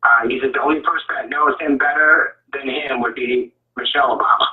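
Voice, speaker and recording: Man, matter-of-fact, hesitant, mid-pitched voice, echoey, distant. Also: fairly even intonation, brisk, phone-quality sound. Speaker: radio producer. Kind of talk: on-air witness account.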